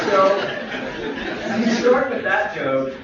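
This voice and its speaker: A man's voice: high-pitched, heavy background noise. Chatty man telling stories in an echoey hall. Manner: chatty, filler-heavy storytelling with humor. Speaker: physician speaker. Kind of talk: memorial tribute talk with anecdotes. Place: lecture hall. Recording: echoey hall, distant mic, dull livestream audio.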